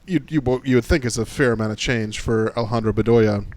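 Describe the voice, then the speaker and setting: A man's voice: medium pitch, fast, a little mellow, no echo. A man hosting a podcast in a casual, joking, rambling way. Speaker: podcast host.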